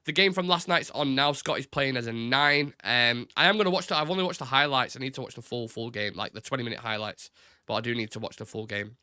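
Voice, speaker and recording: A man's voice: medium pitch, fast, bright, forceful tone, clear, resonant tone, no echo, clean studio sound. A young man hosting a casual live-stream football chat, talking loosely with repeated words and stop-start phrasing. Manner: chatty, repeats words, says "innit", reads chat aloud.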